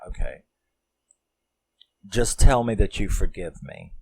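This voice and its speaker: A man voicing a desperate, crying father who pleads for help, in his own low, mellow voice. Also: big pitch swings, slow, gravelly, husky, full character voice. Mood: pleading. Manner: pleading, broken.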